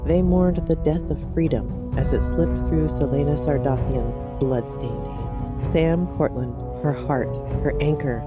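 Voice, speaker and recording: A woman's voice: sits low, loud music behind the voice, voice pushed down. A woman as Garnet, a shadowy whisper-keeper. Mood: ominous. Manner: slow, hushed, dramatic delivery. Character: shadowy female assassin's secret-keeper narrator. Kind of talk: scripted dramatic recap.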